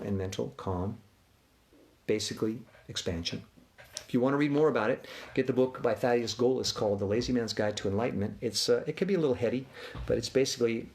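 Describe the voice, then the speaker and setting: A man guiding a body relaxation exercise with slow countdowns, then talking loosely about tension and calm with some restarts. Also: lowish voice. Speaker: relaxation guide. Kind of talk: guided relaxation and talk.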